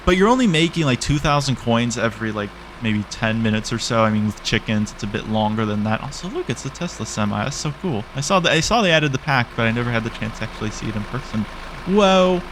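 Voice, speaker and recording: A man's voice: mid-range voice, expressive, brisk, a bit bright, a little hiss or hum. Chatty young man commentating gameplay. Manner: chatty, playfully exasperated, talks to the game animals. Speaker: gaming YouTuber.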